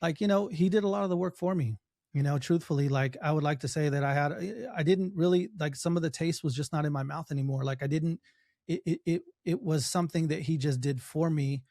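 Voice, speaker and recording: A man's voice: fairly high pitch, a little fast, mellow, dry recording, clean studio sound. A man speaking as a podcast guest, telling his story earnestly with many restarts and fillers. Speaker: podcast guest, documentary filmmaker. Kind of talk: casual interview talk.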